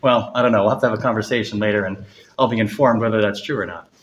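A man preaching a sermon, earnest, lifting his voice for emphasis and dropping soft on key words. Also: on the low side, steady tone, racing, dull audio. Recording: echoey room.

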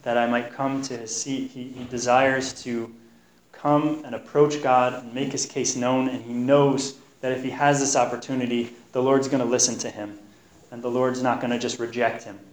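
A man teaching a Bible study, reading verses and explaining them in an earnest, halting way with frequent repeated words. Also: medium pitch, little pitch movement. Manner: earnest, repeats words while pleading passages. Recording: echoey room.

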